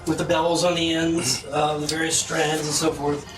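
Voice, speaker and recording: A man narrating as game master of a tabletop game, halting with many ums and restarts. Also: a little high, little pitch movement, music in the background. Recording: echoey room, mic at a distance.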